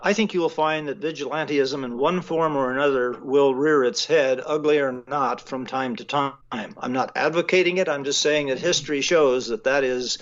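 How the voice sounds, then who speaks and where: A man talking as the guest of an interview, measured and a little halting, often pausing on fillers. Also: medium pitch, lo-fi sound. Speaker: guest writer. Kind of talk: casual phone interview.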